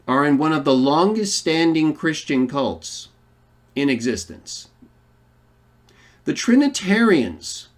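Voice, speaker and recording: A man giving a polemical Bible lesson, arguing emphatically and posing rhetorical questions to his listeners. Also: mid-range voice. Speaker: online Bible teacher.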